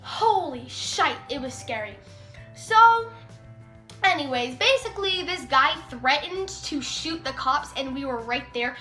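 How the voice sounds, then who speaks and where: A teenage girl's high, expressive voice carries a bright, forceful tone at a measured pace. She's telling a story for a casual vlog, chatting freely, using "like" a lot, and acting out quotes. You can hear an echoey room and faint music.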